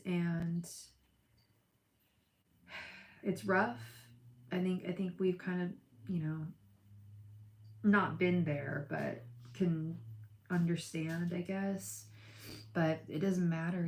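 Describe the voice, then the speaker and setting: A woman's voice: lowish voice, creaky, darkish tone, reverberant, slight background noise. A young woman chatting with viewers on a live tarot stream, gushing and emotional, calling people by name. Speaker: livestream tarot reader.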